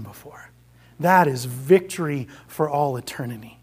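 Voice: medium pitch, expressive, a little slow. A preacher giving a sermon, retelling a story and exhorting the congregation. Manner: earnest, exhorting.

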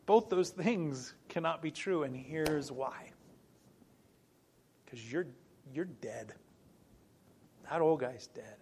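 A middle-aged male pastor delivers a sermon in a higher voice. He teaches earnestly, repeats key phrases for emphasis and breaks into small laughs and restarts along the way. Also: slow pace, pauses often.

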